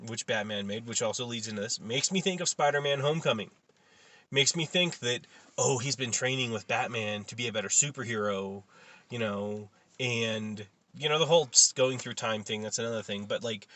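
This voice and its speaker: A man's voice: mid-range voice, moderate pace, fairly bright tone. A man co-hosting a casual pop-culture chat, opinionated and cynical in his takes. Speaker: podcast co-host.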